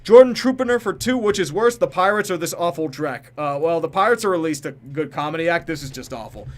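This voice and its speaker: A man with a fairly high voice chats casually on a live stream. He reads donor names and messages aloud, then answers with blunt reactions. He laughs often and stumbles over hard names. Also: expressive, fairly quick, a little hiss or hum. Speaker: streamer reading viewer donations.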